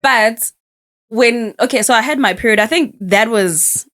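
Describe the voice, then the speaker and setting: A woman's voice: fairly high pitch, measured pace, fairly bright tone. A young woman on a podcast, recalling her past in a thoughtful, hesitant way during casual chat. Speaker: podcast co-host.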